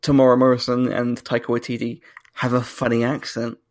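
A man co-hosting a podcast in casual chat, animated and ranting quickly with bursts of laughter. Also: mid-range voice. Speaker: podcast co-host.

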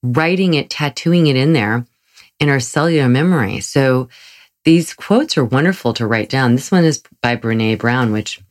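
A motivational speaker with an extremely low-pitched, expressive voice talks at a moderate pace. Her casual talk is chatty and enthusiastic, built on personal stories with frequent laughter and fillers.

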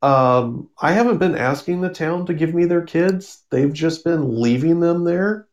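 A man's voice: on the high side, a little slow, pitched above the performer's own voice, close to an everyday voice. A man voicing a lazy, easygoing male dragon in a casual, offhand way while retelling a comic.

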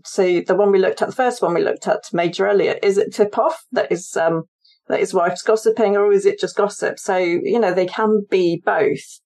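A woman's voice: mid-range voice, a little mellow. A woman historian and author, a guest on an interview podcast, explaining her research at length and thinking aloud as she goes. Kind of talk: conversational interview.

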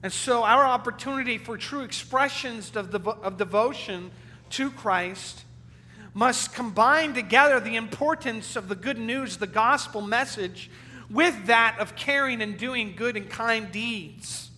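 A male pastor preaching a sermon with earnest emphasis, sometimes loud and sometimes dropping to a hushed, low delivery. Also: unhurried. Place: church sanctuary. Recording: church hall reverb with faint hum.

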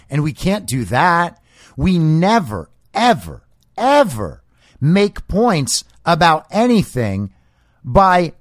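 A man's voice: medium pitch, no room sound, studio quality. A man hosting a political commentary show, reading news quotes and mocking them sarcastically. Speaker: podcast host.

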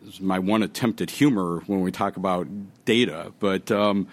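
A man giving a conference panel talk, animated and joking as he tells a story. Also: sits low, moderate pace. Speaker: panel speaker.

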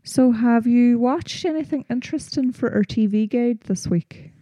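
A young woman co-hosting a podcast in casual chat, upbeat and quick to react and agree. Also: fairly high pitch, warm tone, no room sound. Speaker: podcast co-host.

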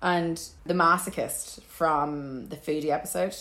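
Low-voiced woman telling stories. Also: steady tone, unhurried, a bit bright. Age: 20s. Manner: rambling storyteller, laughs often, many "like" fillers. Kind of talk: casual chat. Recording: echoey room.

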